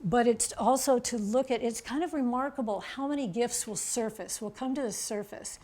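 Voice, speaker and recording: A woman author giving a chatty, animated presentation to an audience, pointing things out on a chart and checking in with "okay?". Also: a little high, normal speed. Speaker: author giving a public talk.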